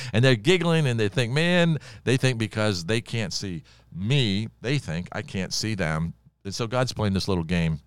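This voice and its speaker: A man's voice: low-pitched, clean tone, dry recording. An older man, a pastor, teaching the Bible on a podcast in a folksy, conversational way, full of personal stories. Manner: folksy, storytelling preacher with personal anecdotes.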